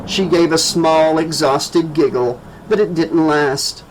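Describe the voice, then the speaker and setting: A male audiobook narrator with a slightly raised voice reads in a slow, measured and dramatic way. A faint hum of ambience runs behind him. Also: fairly high pitch, fairly even intonation, rough recording. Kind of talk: scripted narration.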